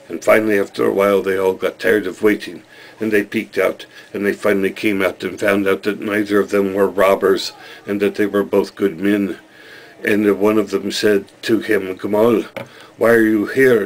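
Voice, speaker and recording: A man casually joking and telling a folk tale in a rambling, self-amused video blog. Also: lowish voice. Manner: jokey, rambling, chuckles at his own jokes. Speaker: video blogger. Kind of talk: casual comedic vlog and storytelling.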